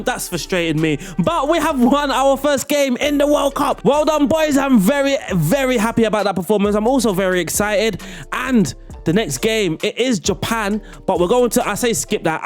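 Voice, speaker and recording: A young man giving excitable, playful play-by-play commentary on a football management game, often laughing. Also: sits high. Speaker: gaming YouTuber.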